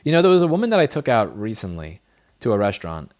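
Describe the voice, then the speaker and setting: Blunt, profane man with a low voice. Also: very animated, fast, a little mellow. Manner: blunt, profane, rambling storyteller. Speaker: livestream host. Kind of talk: casual chat, reading viewer messages. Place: home studio desk. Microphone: studio headset mic.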